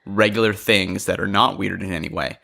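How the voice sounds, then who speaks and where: A man co-hosting a podcast in casual comedic chat, talking quickly, joking and self-deprecating, with many fillers. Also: sits low, vocal fry, pushed and bright. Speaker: podcast co-host.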